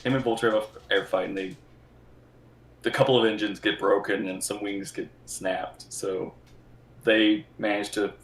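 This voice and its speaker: A co-host in a casual movie reaction chat, talking in a relaxed, hesitant way with fillers. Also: low-pitched, moderate pace, echoey room.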